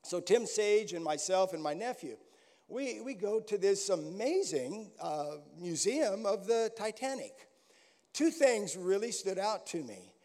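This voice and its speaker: An older American man guest-preaches in a large church hall, his high, darkish voice very animated yet unhurried. He delivers the sermon through folksy stories, often starting over mid-thought, and the hall's echo is audible.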